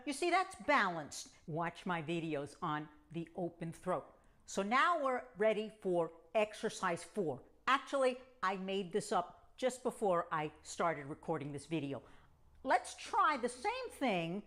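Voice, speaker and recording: A woman's voice: medium pitch, very animated, moderate pace, pushed and bright. A middle-aged woman vocal coach teaching a singing lesson, demonstrating hums and scales as she explains.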